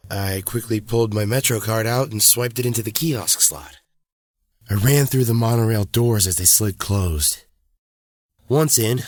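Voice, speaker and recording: A man tells a horror story in the first person, calm and steady. His voice sits very low, and the recording is dry and close, with no room sound. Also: dry recording. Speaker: narrator.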